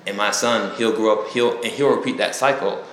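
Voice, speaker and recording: A man telling a personal story as an interview guest, reflective and halting. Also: lowish voice, fairly bright tone. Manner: reflective, halting, with acted quotes. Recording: echoey room with faint noise.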